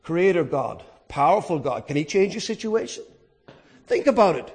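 A man preaching a sermon, dynamic, swinging from quiet asides to shouted points and answering his own questions. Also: high voice, expressive, normal speed.

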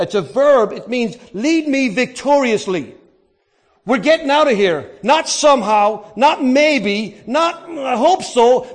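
A middle-aged man preaching a sermon with earnest emphasis, stretching key words as he makes his point. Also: very high voice. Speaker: pastor.

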